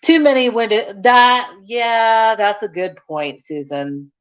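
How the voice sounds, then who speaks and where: A woman with a rather high, animated voice hosts a casual livestream, moving slowly through rambling stories and viewer comments. Her tone is clear and resonant, though the audio is dull, and her chatty talk is packed with fillers and restarts.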